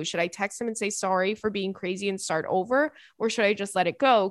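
A young woman hosts a podcast, chatting and giggling as she reads sponsor ads and listener messages, dropping "like" constantly. Her mid-range voice is fairly bright, recorded in clean studio sound with no echo.

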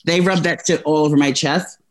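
A man's voice: on the high side, fairly even intonation, fairly quick. Rambling, emotional young man telling a story. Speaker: podcast co-host telling a story. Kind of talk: casual chat.

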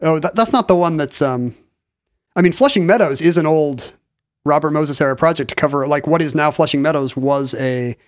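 In clean studio sound with no room ambience, a man with a fairly high voice speaks briskly as a podcast co-host. He's casually explaining a story in a chatty, wry manner, frequently starting over.

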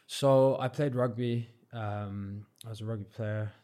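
A young man from Cornwall with a general English accent and a fairly low voice talks casually as a guest. He sounds relaxed and modest and leans on fillers like "you know" as he tells his stories. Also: a little slow. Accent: English, not Cornish. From Cornwall, England. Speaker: guest, freestyle football champion. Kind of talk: casual interview chat.

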